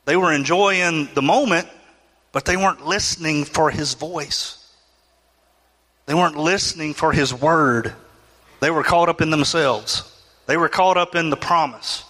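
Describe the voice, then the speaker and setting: A man's voice: fairly high pitch, a little slow, pushed and bright, long reverb tail. A man preaching a sermon, reading scripture and acting out the people's complaints with rising, pleading emotion. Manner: acts out complaining voices, rising emotional pleas. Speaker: pastor.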